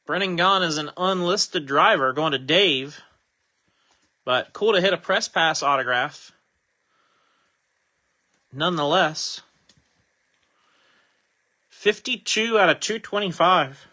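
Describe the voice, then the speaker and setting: Brief: male card-break host, very bright tone, relaxed chatty delivery, reads out card names. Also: a little high, takes it slowly, pauses often. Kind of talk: casual live card-break commentary.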